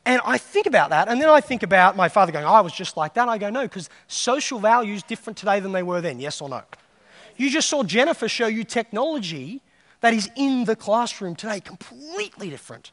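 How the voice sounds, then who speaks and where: A man's voice: high voice, a bit bright. A man giving a conference keynote, telling stories and acting out the voices of people he quotes. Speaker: keynote speaker. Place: large hall on stage. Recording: reverberant hall.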